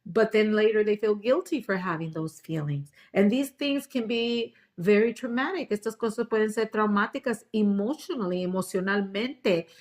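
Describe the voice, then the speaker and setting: A woman's voice: medium pitch, darkish tone. Woman instructor, bilingual class talk, switches languages mid-thought, casual restarts. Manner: switches between English and Spanish, with fillers and restarts. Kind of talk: bilingual class talk, English then Spanish.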